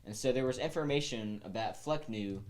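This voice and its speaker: A man's voice: medium pitch, moderate pace, a little mellow. A man on a podcast rambling through a recap of a tabletop game, often correcting himself. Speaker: player and podcast guest. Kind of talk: casual podcast chat.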